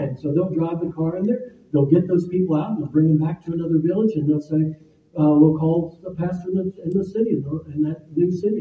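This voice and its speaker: A man's voice: a little high, steady tone, brisk, dark tone, recorded from a distance. An older man preaching a sermon as pastor, telling stories in an easygoing way with fillers and restarts. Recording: echoey phone-like room sound from afar.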